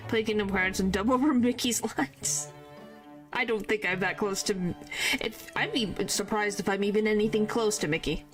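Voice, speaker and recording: A woman's voice: medium pitch, moderate pace, soft background music. A woman streaming a video game, chatting casually and playfully, trying out character voices. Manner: playful, tries out voices, mild exclamations.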